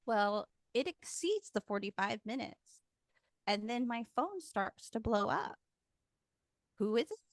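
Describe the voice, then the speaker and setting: Slow-talking frank woman guest. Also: on the high side, expressive, dry recording, studio quality. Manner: frank, emotional, swears casually. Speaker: podcast guest. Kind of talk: candid personal storytelling.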